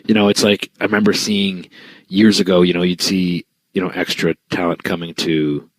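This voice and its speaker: A man's voice: deep voice, little pitch movement, moderate pace, no room sound, rough recording. A man co-hosting a podcast, talking easily about wrestling with many "you know" fillers. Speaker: podcast co-host. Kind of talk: casual wrestling talk.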